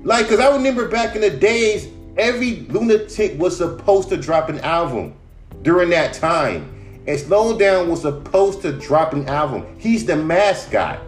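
A man's voice: high voice, animated, moderate pace, soft background music. A man ranting casually on a podcast, emphatic and full of profanity. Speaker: podcast host.

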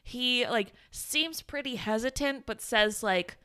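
Female podcast co-host, bright tone, easygoing chat with frequent laughter. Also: a little high, slow, smooth. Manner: chatty, laughs often, shares trivia. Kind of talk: casual movie recap chat.

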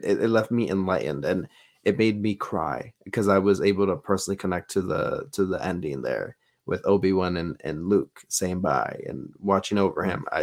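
A man's voice: low voice, darkish tone. A man co-hosting a podcast in casual chat, earnest and hesitant, stumbling over his words. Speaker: podcast co-host.

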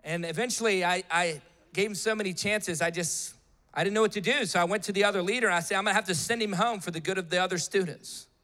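A male preacher giving an impassioned sermon, swinging between shouted appeals and hushed storytelling. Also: high voice, quick pace, long reverb tail.

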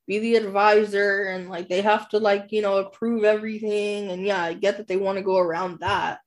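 A woman's voice: medium pitch, fairly even intonation, normal speed. Chatty woman recapping a book. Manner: rambling plot recap full of "like" fillers. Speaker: podcast co-host. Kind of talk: casual book discussion.

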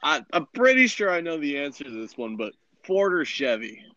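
A young man runs a podcast interview, reading out questions in a playful, amused way. His voice sits at an ordinary pitch. The sound is dry and dull, like a basic home recording. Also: very animated, a little fast, pushed and bright, dry recording. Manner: amused, playful, laughs often.

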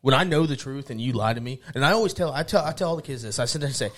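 A man in his thirties talks quickly in a mid-range voice. He is blunt and stern and swears as he tells stories in casual chat. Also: medium pitch, expressive, a bit bright, a little hiss or hum. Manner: blunt, stern, profane storytelling.

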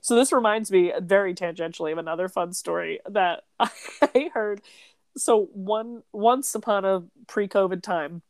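A woman's voice: mid-range voice, unhurried, no room sound. A woman in her thirties from the United States chatting on a podcast, telling a story with lots of laughs and casual swearing. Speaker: podcast co-host.

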